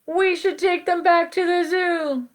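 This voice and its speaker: Lady doing a freaked-out yelling dad, highish voice, slow and loud. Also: fairly even intonation. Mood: alarmed. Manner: yelling, alarmed. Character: panicky yelling father.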